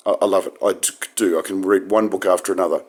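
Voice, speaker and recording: Very deep-voiced rambling man. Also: fairly even intonation, quick pace, darkish tone, breathy edge. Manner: wry, digressive, with sudden emphatic pitch jumps. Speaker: vlogger. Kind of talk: rambling casual monologue.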